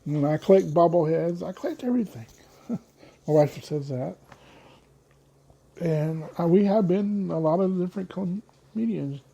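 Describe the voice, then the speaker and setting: Gravelly man rambling on his podcast. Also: fairly high pitch, measured pace, long pauses, mellow. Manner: rambling, loses his train of thought. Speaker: podcast host. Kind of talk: casual solo podcast talk.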